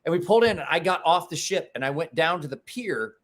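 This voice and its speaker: A man's voice: a little high, quick pace, over a noisy crowd. A man hosting a live stream, telling stories and swearing freely in casual chat. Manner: animated storyteller, swears freely. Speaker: livestream host.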